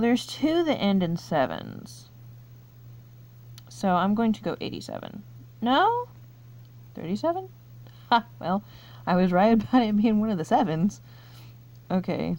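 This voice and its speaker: A woman's voice: on the low side, darkish tone. A woman reading quiz questions aloud and thinking through her answers in casual, chatty commentary, laughing often. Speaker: YouTuber taking online quizzes.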